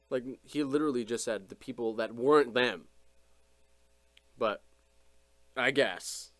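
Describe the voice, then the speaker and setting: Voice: mid-range voice, a little slow, long pauses, a bit bright, no echo. Sarcastic vlogger with a dry, close sound. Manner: incredulous, mocking. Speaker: commentary vlogger. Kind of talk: sarcastic reaction commentary.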